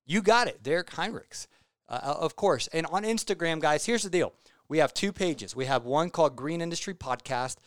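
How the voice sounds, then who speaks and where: A podcast host talks casually and enthusiastically in a studio, rambling off on tangents between reading listener reviews and sponsor spots. His voice is fairly high with lively intonation, his delivery brisk, and the recording dry.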